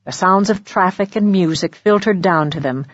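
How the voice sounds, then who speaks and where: A woman narrating a mystery audiobook in a steady, measured storytelling voice. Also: mid-range voice, lo-fi sound. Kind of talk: scripted narration.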